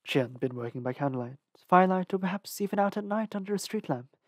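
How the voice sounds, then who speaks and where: Dry, measured audiobook narrator. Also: medium pitch, expressive, no room sound. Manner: measured, careful reading with small restarts. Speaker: audiobook reader. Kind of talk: storybook narration.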